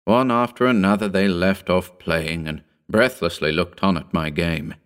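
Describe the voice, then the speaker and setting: A man narrating a Victorian short story in a measured, formal reading style. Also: sits low, a bit bright, smooth.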